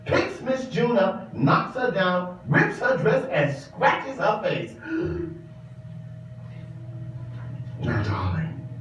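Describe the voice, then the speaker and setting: A man's voice: high-pitched, a little hiss or hum, exaggerated voice. An actor performing a stage monologue as a sassy, flamboyant older drag queen with a campy, theatrical way of talking who calls the listener darling. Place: large echoing exhibition space. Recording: roomy, distant, dull exhibit recording.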